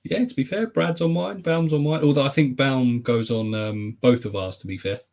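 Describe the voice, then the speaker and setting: A man's voice: medium pitch, normal speed, vocal fry, darkish tone. A man co-hosting a casual podcast chat, teasing, laughing often and swearing casually. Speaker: podcast co-host.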